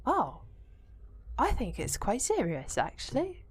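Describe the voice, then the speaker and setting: A woman's voice: fairly high pitch, huge pitch swings, slow, husky. A young woman streaming a video game, chatting casually, swearing freely and reading out her chat.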